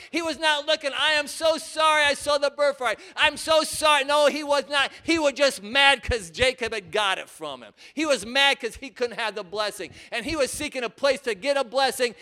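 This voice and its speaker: High bright-voiced male preacher. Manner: dramatic, acts out scripture voices, swings from quiet to loud. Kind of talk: sermon.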